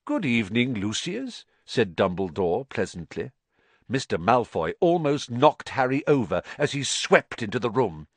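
A man narrating a storybook in a measured, expressive reading. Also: medium pitch, dry recording. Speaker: audiobook narrator.

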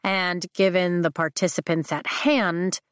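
A woman voicing a proud, careful older brother in a storybook reading, measured in tone. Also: fairly low pitch, little pitch movement, clean tone, dry recording, clean studio sound, close to an everyday voice.

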